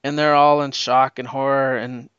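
A man recapping a comic issue in a casual, excited, rambling way, with lots of fillers. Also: medium pitch, normal speed, clean tone, no room sound, highs cut off. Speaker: comic book reviewer.

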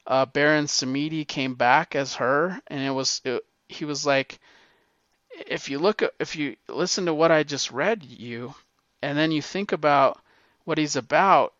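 A middle-aged man rambles through animated stories, swearing freely. His voice is bright and smooth. The recording is dry and a little dull. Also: fairly high pitch, measured pace, no room sound. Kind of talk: casual storytelling monologue.

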